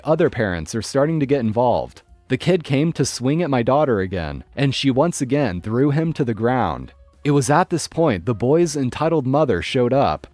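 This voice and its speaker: A man narrating online stories in a scripted, expressive way. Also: medium pitch, dry recording. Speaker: story narrator.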